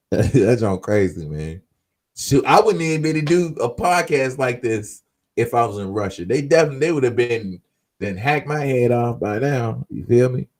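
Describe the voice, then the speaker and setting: A man hosting a podcast, relaxed and easygoing, using a lot of street slang. He talks back to his commenters as he goes and wraps up with an upbeat pep talk. His voice sits at an ordinary middle pitch. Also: moderate pace. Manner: laid-back, slangy, chatting with live commenters. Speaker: podcast host. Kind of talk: casual talk to viewers.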